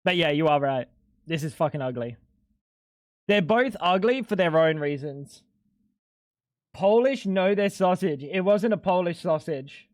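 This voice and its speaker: A young man chatting casually on a live stream, animated, swearing and laughing a lot. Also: on the high side, a little slow, long pauses, dry recording, clean studio sound.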